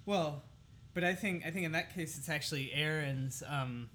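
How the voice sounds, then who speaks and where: A man's voice: a little high, moderate pace, fairly bright tone, a little hiss or hum. A young man hosting a casual chat, hesitant and full of fillers as he asks questions.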